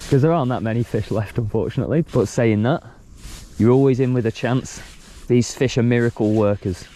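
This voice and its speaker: A man's voice: lowish voice, mellow, a little hiss or hum. A man from the UK chatting enthusiastically to camera on a riverbank as a fishing vlogger. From United Kingdom. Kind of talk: casual outdoor vlog talk to camera. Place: outdoors on a riverbank.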